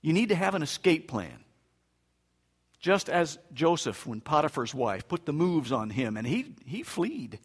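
High-voiced male pastor in a reverberant hall. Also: big pitch swings, a little slow, breathy edge. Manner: emphatic, swings between loud bursts and quiet asides; conversational with humor. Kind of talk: sermon. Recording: long reverb of a large hall.

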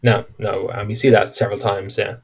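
A man casually discussing a horror film, animated, acting out quotes and repeating words as he thinks. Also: fairly low pitch, fairly quick, gravelly, husky. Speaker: podcast co-host.

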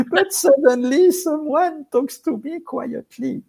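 Slow, soft-spoken man with gravelly voice. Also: high-pitched. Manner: talks slowly and quietly with long pauses, non-native phrasing. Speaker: author and guest.

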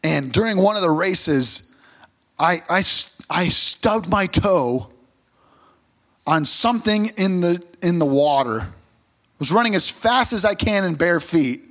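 Man, pastor, sermon, high voice, storytelling, emphatic. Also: expressive, unhurried. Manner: storytelling, rising to loud emphatic exhortation.

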